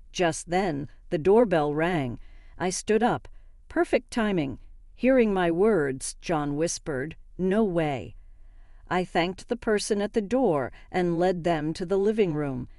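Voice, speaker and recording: An older woman narrates a scripted story in a steady, even read. Her voice is low and mellow. The recording is dry and close, with no room around it. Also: slow, no room sound.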